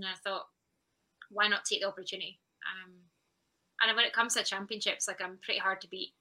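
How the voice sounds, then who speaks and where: On a poorly recorded podcast, a female athlete in her thirties shares her experiences with frank reflection, plenty of laughter, and quoted inner monologue. Her voice is medium-pitched, bright, and pushed.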